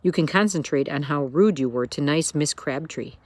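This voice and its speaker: A proper mother talks earnestly and frets, at times a bit higher-pitched, as a woman reads her aloud. Her speech is polite and careful. It is a storybook reading. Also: normal speed, no echo. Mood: stern.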